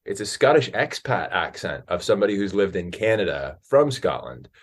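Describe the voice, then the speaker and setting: An American man from Alaska, an actor, chatting as a podcast guest and telling animated stories. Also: on the low side, normal speed, husky. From Alaska, USA. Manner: animated storyteller, jumps into quoted voices. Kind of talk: casual interview chat.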